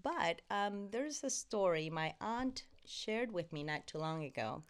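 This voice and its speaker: Lively, animated woman telling stories. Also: medium pitch, measured pace, clean tone. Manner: animated storyteller, acts out voices and crying sounds. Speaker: guest. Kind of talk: casual conversation.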